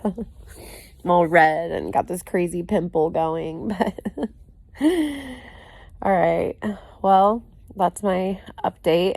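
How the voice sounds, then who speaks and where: Woman with a gravelly voice rambling thru her vlog update, swears casually, says "like" constantly. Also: on the low side, a little mellow, no room sound. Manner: rambling, heavy with "you know" and "like" fillers; candid, swears freely. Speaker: vlogger. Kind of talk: casual personal video update.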